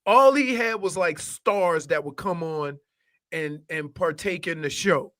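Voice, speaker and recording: Male radio co-host with a high, bright, ringing voice. Animated and rambling, in casual studio banter. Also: unhurried. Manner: animated, rambling, trails off and restarts. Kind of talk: casual chat.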